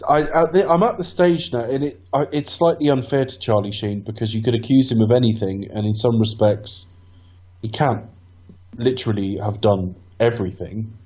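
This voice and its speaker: A man's voice: medium pitch, fairly even intonation, moderate pace, darkish tone, highs cut off. A man co-hosting a podcast film commentary, musing in a rambling, thoughtful way. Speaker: podcast co-host. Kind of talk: casual film commentary chat.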